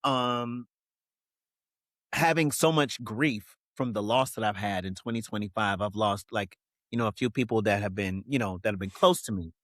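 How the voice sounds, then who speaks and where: A man's voice: lowish voice, normal speed, fairly bright tone, dry recording, clean studio sound. A man speaking as an interview guest, talking candidly and reflectively with many "you know what I mean" fillers.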